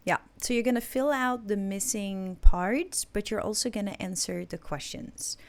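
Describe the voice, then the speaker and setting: A woman English teacher giving a recorded listening lesson, explaining points slowly and checking in with her students. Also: mid-range voice.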